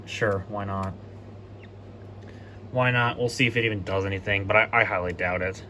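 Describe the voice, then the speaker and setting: A man's voice: on the low side, fairly even intonation, moderate pace, sharp tone, slight background noise. A man talking casually through a laptop setup in a vlog, thinking aloud and correcting himself as he goes. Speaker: tech vlogger. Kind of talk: casual tech walkthrough vlog.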